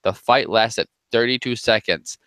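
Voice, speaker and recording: A man co-hosting a casual sports chat, chatty and quick to laugh at himself. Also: medium pitch, bright, forceful tone, dry recording. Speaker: podcast co-host.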